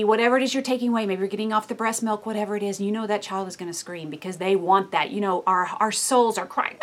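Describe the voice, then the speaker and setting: Woman in her 30s doing a devotional talk, lively, acts out little voices, goes real quiet and gentle a lot. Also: mid-range voice, quick pace, hardly any pauses. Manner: animated, acts out inner voices, drops to soft hushed tones. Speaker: speaker giving a devotional talk. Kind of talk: devotional teaching.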